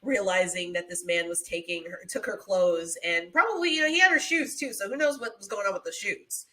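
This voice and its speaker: A woman's voice: medium pitch, brisk. Female podcast co-host, conversational plot recap, playful. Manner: animated retelling with playful quoted voices. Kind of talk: casual movie recap chat.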